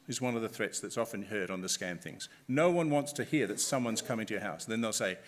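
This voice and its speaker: A man presenting a live public talk, lively and chatty, asking the audience questions. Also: lowish voice, fairly quick, hardly any pauses. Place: conference room with live audience.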